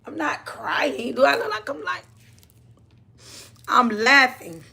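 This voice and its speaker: Livestream host, woman: high, bright voice with a husky edge; chatty, laughs a lot. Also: slow pace. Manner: chatty, laughs often, calls viewers honey and baby. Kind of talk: casual livestream chat.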